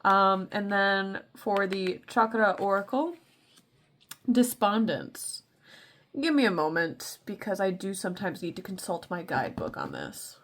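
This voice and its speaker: A woman's voice: medium pitch, very animated, a little slow, a bit bright. Playful chatty woman tarot reader. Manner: playful, chatty, calls listeners baby. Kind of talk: casual spiritual reading.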